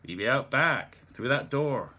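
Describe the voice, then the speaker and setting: A man's voice: medium pitch, animated, measured pace, slightly rough, dull audio. A man voicing a friendly village pub barman with a thick rural British accent and a laconic manner.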